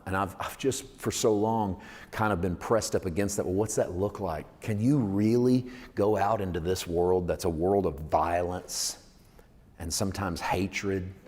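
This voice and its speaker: A male preacher with a fairly low voice teaching a sermon in a relaxed, conversational way that swells into fervent emphasis. His voice rings with a long hall reverb. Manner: conversational, building to emphatic fervor.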